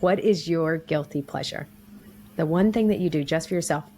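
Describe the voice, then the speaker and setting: A woman hosting a podcast who talks effusively and emotionally and is quick to laugh. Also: low voice, mellow, slight background noise. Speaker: podcast host. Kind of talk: podcast interview.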